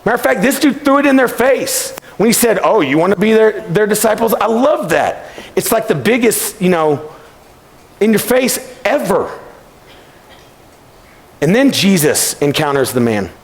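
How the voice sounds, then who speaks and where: A man giving a youth camp sermon, telling stories and acting out voices in an animated way. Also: high-pitched, measured pace, gravelly, long pauses. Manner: animated, acts out voices in the story. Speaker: camp speaker. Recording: long hall reverb.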